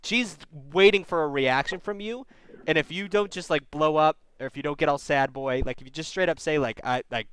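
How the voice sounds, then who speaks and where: A man's voice: fairly high pitch, a little fast, a bit bright, smooth, no echo. A male call-in host giving blunt, profane relationship advice. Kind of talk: call-in advice show banter.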